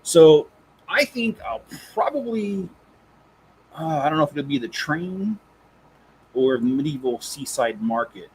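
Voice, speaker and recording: A man's voice: fairly high pitch, animated, a little slow, pauses often, a little mellow, a little hiss or hum, poor audio. A man hosting a Lego channel, chatting casually on a live stream, rambling and correcting himself as he goes. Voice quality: rambling, self-correcting, chuckles while reading.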